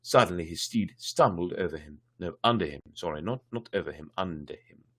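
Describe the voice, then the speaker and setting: A man's voice: low-pitched, fairly quick, a bit bright, slightly rough. A man reading a fairy tale aloud on a livestream, breaking in with wry, irreverent asides. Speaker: storyteller.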